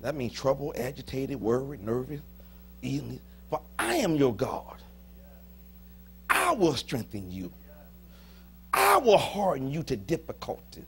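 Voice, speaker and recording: A man preaching a sermon as pastor, folksy and joking with the congregation, swinging between soft asides and sudden shouts. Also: mid-range voice, wildly swooping pitch, a little slow, pauses often. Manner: folksy, humorous, talks to the congregation. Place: church sanctuary.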